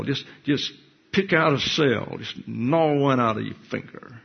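This pastor's voice is medium in pitch, slightly rough, with vocal fry, captured on a dull lo-fi recording. He delivers a Bible class sermon in a blunt, teacherly way, reading scripture verse by verse and explaining each part.

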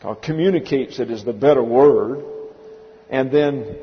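A man's voice: mid-range voice, unhurried, a little hiss or hum. A man preaching an expository sermon, emphatic, stopping to spell out Greek words letter by letter. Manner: emphatic, drills word by word, spells out Greek terms. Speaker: pastor. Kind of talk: expository Bible teaching sermon. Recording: dull, long-reverb church hall recording.

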